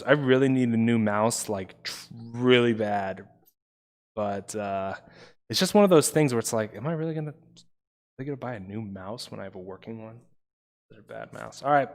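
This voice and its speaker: A young man tutoring on a live study stream, casual and chatty, talking to his viewers as bros. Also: mid-range voice. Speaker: online tutor.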